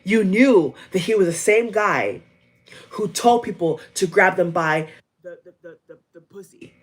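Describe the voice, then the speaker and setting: Woman vlogger, husky tone, angry blunt rant, volume cutting in and out. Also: fairly low pitch, animated, measured pace. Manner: blunt, heated, profane, repeats phrases for emphasis. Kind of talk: angry reaction rant to camera. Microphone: headphones on. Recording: audio cutting in and out, level dropping.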